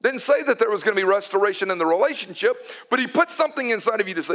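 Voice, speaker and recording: A male pastor giving a conversational sermon, telling stories and going from loud and animated to hushed and soft. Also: high-pitched, racing.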